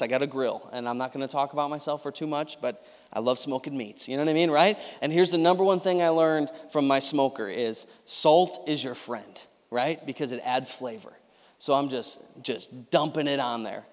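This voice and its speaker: A young man preaching a sermon as a pastor, chatty and energetic, often checking in with "you know what I mean, right?". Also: on the high side. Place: church sanctuary. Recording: long hall reverb.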